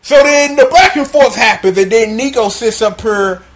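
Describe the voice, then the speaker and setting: A man reviewing a show in a profane, slang-heavy, animated comedic recap. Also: very high-pitched, moderate pace.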